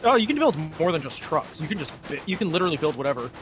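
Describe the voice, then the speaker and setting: A man in a casual chat, upbeat and chatty with quick asides. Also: a little high, big pitch swings, a bit bright. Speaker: co-host of a gaming chat. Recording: music playing behind the voice.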